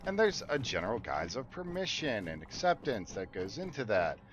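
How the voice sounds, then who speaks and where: A man's voice: fairly low pitch, big pitch swings, moderate pace, dull audio. A man, a parent, chatting casually and bluntly with heavy swearing while he streams a game. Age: adult parent. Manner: profane, blunt and emphatic. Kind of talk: casual chat while gaming. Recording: game sounds and gunfire behind. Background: game ambience and gunfire.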